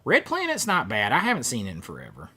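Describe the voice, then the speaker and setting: Talking fast with wildly swooping pitch, this man has a medium-pitched voice that's sharp with a breathy edge. He's running a laid-back horror movie livestream, going through viewer comments and rambling with fillers and false starts.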